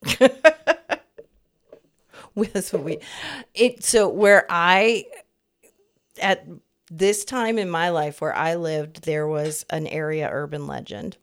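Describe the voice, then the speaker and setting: A woman in her fifties with a low voice co-hosts a podcast at a measured pace. Her casual chat rambles easily, and she laughs often.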